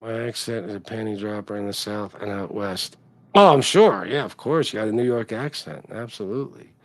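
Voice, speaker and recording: A man with a lowish voice hosts a casual livestream at a moderate pace, reading out comments and telling rambling, profane stories. His reactions are animated, and the sound is dry with no echo.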